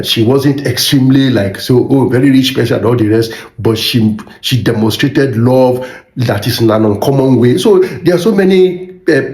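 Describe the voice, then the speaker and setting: Middle-aged Nigerian man, Nigerian accent, motivational minister, earnest and preacherly, mid-pitched voice, roomy echo. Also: darkish tone. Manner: earnest, preacherly, repeats phrases for emphasis. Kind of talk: motivational talk to camera. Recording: echoey room.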